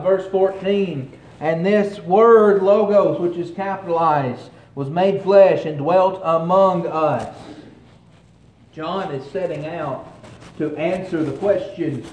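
High-voiced man preaching in an echoey church. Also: darkish tone. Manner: earnest, emphatic preaching with dramatic pauses. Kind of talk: sermon. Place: church sanctuary. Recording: roomy church with faint ambience.

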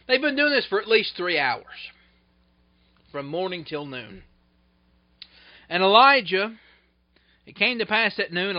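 A male preacher giving a sermon, retelling scripture in an animated way that swings between loud bursts and hushed asides. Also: high-pitched. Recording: dull lo-fi recording.

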